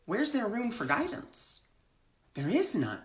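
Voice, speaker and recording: A woman's voice: fairly high pitch, wildly swooping pitch, takes it slowly, reverberant. A woman who gives readings, speaking earnestly in a live-streamed spiritual talk with flowing, repeated phrases. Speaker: spiritual teacher and reader.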